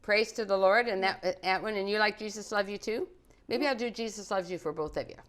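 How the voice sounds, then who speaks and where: A middle-aged woman chats cheerfully with children and viewers as she hosts a live home cooking program in her living room. Her mid-range voice is fairly quick and has a fairly bright tone.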